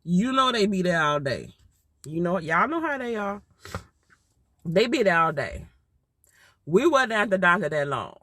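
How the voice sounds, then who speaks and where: A woman's voice: lowish voice, big pitch swings, unhurried, pauses often, pushed and bright, no echo. A mother telling a personal story in an emotional, heartfelt way, repeating herself for emphasis. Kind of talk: casual storytime.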